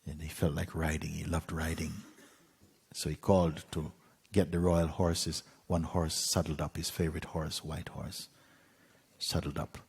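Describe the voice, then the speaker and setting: Husky deep-voiced male teacher, unhurried storyteller. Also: flat delivery, big-room sound. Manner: unhurried, with soft asides and light laughs. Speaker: spiritual teacher. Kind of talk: storytelling talk.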